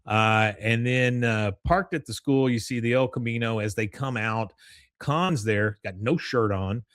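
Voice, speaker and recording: A man's voice: medium pitch, unhurried, fairly bright tone, dry recording, clean studio sound. A man hosting a podcast, casually recapping a cartoon episode and acting out the characters' lines. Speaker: podcast host.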